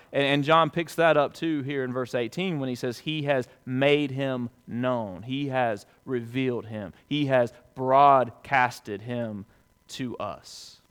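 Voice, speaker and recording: Emphatic preaching man, smooth voice. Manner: swings from loud emphatic peaks to hushed low lines; folksy illustrations, conversational preaching. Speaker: pastor. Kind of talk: sermon.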